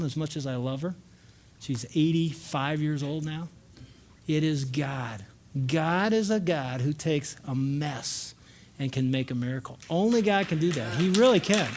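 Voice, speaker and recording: Older male conference speaker with a slightly high voice, earnest storyteller, wry with the crowd, shifts between loud and hushed. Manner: swings from lively and loud to hushed and slow for emotional moments. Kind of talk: personal storytelling talk to a live audience.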